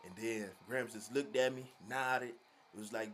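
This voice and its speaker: Man from Virginia, casual storyteller, slangy and animated, mid pitch, faint room hum. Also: moderate pace. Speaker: vlogger.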